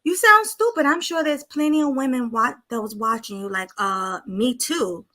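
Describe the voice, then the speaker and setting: A woman's voice: sits high, very animated, a little fast, sharp tone. A woman co-hosting a podcast, giving sassy, judgmental commentary in a casual chat. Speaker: podcast co-host.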